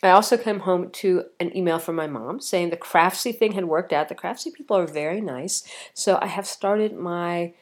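A middle-aged woman vlogger chats casually and rambles, with plenty of ums and restarts, sounding tired and slightly coughy. Her voice is on the low side, at a moderate pace with hardly any pauses.

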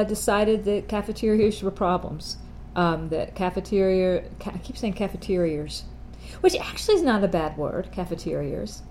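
A woman's voice: mid-range voice, a little mellow, a little hiss or hum. Chatty rambling woman podcast host. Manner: chatty, rambling, self-correcting, laughs at herself. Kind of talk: casual chat.

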